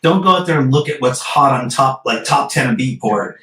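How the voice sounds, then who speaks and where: A man's voice: medium pitch, lively intonation, brisk, a bit bright. A man hosting an interview over a video call, asking direct questions in a conversational tone. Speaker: interview host. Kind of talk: casual interview chat. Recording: echoey and distant.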